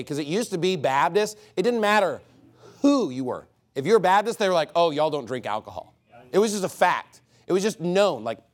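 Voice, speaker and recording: A man in his thirties preaching a fiery sermon, emphatic, with sudden swings in volume and pace. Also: a little high. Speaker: pastor.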